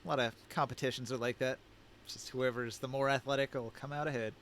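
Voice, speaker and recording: A man's voice: medium pitch, steady tone, fast, a bit bright, slight background noise. A man running a tabletop game as game master, casual, wry and encouraging.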